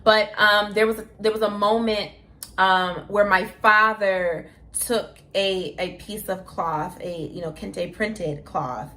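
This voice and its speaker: A young woman co-hosting a casual chat, telling a story in an animated, emotional way with plenty of fillers. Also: medium pitch, slow pace. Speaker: co-host. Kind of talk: casual chat about their wedding.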